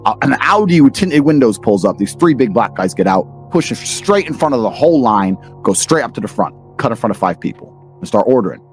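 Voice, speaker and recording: Brash British man, podcast guest, rapid lively delivery, faint music behind. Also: mid-range voice. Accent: British English. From England. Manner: brash, profane, emphatic. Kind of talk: blunt storytelling and ranting.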